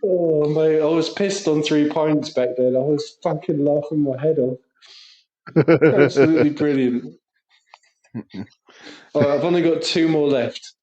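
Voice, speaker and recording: Brief: male podcast co-host, slightly high voice, jokey and sweary, roomy echo. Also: fairly even intonation, normal speed, warm tone, dull audio. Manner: laughs often, swears, jokey. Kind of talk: casual banter. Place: at home, in a kitchen.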